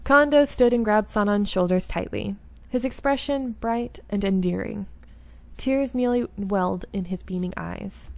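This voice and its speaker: A woman's voice: medium pitch, a little slow, vocal fry, dry recording. A woman reading visual novel narration aloud and breaking off into chatty, self-deprecating asides.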